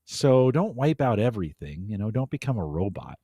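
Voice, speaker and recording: A man from the United States with a lowish voice, chatting on a podcast in a dry, close sound. He talks reflectively, laughs easily and second-guesses his own points. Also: sing-song, fairly quick, dark tone, slightly rough, no echo. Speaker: podcast host. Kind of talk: casual chat.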